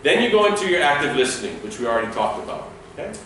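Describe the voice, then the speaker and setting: A man's voice: on the high side, racing, a little hiss or hum. A man giving a classroom training lecture, acting out short sample dialogues. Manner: lively, demonstrates dialogue with acted lines. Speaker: security trainer. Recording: echoey room, speaker far from mic.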